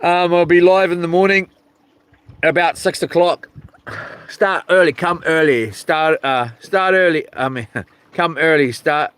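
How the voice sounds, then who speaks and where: A fishing livestreamer with a somewhat high, fairly bright, clear and resonant voice chats a little slowly by the sea. Laid-back and rambling, he swears casually and greets viewers by reading their names aloud.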